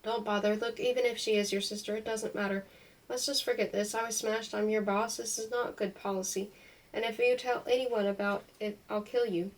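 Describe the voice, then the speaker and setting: A woman's voice: medium pitch, fairly even intonation, brisk, close to an everyday voice. Woman voicing curt woman boss, clipped, blunt, distant mic.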